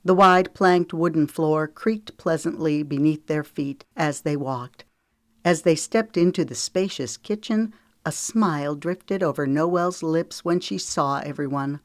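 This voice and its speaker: A woman narrating a romance audiobook in a calm, measured way. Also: sits low, dry recording, studio quality. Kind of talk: scripted narration.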